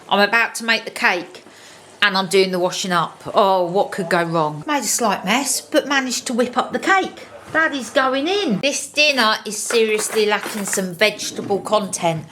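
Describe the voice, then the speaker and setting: Lady chatting to camera for her vlog, pokes fun at herself, bright clear tone. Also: mid-range voice, slight background noise. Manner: chatty, self-deprecating. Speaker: vlogger. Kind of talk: casual vlog narration.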